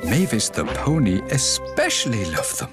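A man narrating a scripted cartoon story for preschool children in a gentle, sing-song way, asking the listener questions. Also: medium pitch, wildly swooping pitch, moderate pace. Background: music.

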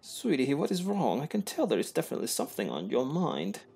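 A man's voice: mid-range voice, huge pitch swings, fast talker, gravelly, darkish tone, breathy edge, soft background music, exaggerated voice. A man voicing a prim, doting woman at a 1920s masked ball who calls everyone darling. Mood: fussing. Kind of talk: high posh put-on voice.

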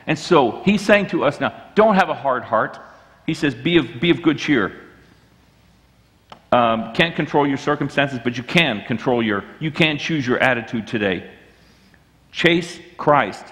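A man's voice: mid-range voice, fairly bright tone. A man preaching a sermon as the pastor, earnest and often restarting his sentences. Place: church sanctuary. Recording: church hall reverb.

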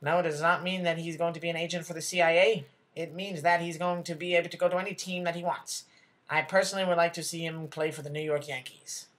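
A man's voice: fairly high pitch, fairly even intonation, quick pace, a bit bright, close to an everyday voice. Man playing a bumbling self-important news anchor. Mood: flustered. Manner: rambling, flustered, corrects himself, talks back off-camera. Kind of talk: comedy sketch acting.

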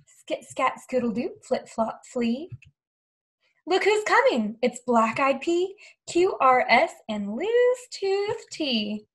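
A woman hosting a children's story time, reading a picture book in a lilting, animated voice. She sits high in her register and takes her time, drawing the little ones in to stomp and sound out letters. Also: slow pace. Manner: animated, sing-song, coaxing children to join in.

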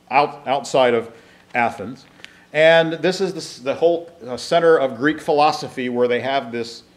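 Man teaching a Bible class. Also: mid-range voice. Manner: explanatory, reads scripture aloud then comments, frequent restarts.

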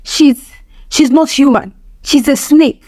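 A woman's voice: high voice, slow pace, darkish tone, dry recording, studio quality, voice pushed up. A woman voicing a terrified teenage schoolboy who talks in a trembling, panicked way.

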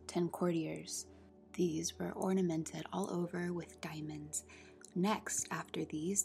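A woman narrating a classic children's story in soft, half-whispered tones. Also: on the low side, vocal fry. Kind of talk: storybook reading. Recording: soft music under the reading.

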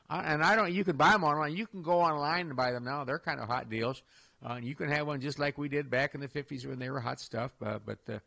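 A man's voice: medium pitch, vocal fry, sharp tone. An older man hosting a radio talk show, talking in a folksy, rambling way with many restarts and chuckles. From Iowa. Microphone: studio microphone.

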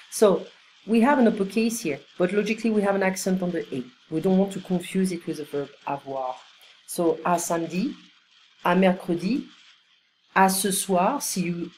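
A woman teaching an online language lesson, explaining and repeating phrases slowly for learners. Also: lowish voice, slight background noise, poor audio.

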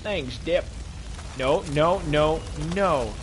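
A man streaming himself playing a game, commenting casually and swinging from loud outbursts to quiet muttering. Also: on the high side, drawn-out words, noisy background. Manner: excitable, swings from yelling to muttering.

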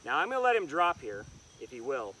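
A man who trains dogs, calmly explaining an outdoor lesson while he works the dog with short commands. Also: mid-range voice, brisk. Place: outdoors in the countryside. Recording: distant mic with outdoor noise.

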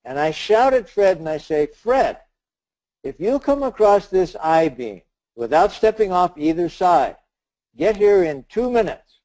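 Older male motivational speaker, higher mellow voice, playful storyteller acting out dialogue. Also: very animated, moderate pace, poor audio. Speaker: speaker leading a webinar. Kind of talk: motivational talk with a told scenario.

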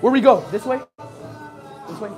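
A man's voice: very high voice, moderate pace, a little mellow, soft background music. A young man streaming a haunted house walk, panicky, swearing and yelping in fright.

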